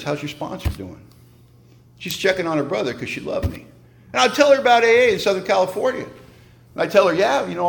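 A man's voice: high voice, slight background noise. A man giving a humorous, emphatic personal testimony at a recovery meeting, in a conversational storytelling manner.

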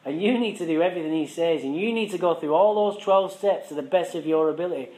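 A blunt old man lays down the law, profane and impatient, as a man retells him at a meeting. The voice sits a little higher than usual. An echoey room hangs around every word. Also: quick pace, a little mellow, natural voice. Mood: scolding. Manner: bossy, scolding, profane. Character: blunt gruff older man from recovery meetings.

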